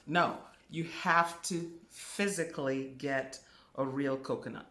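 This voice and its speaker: Spiritual teacher leading a class: unhurried, emphatic, repeats key words; roomy echo. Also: medium pitch, sharp tone.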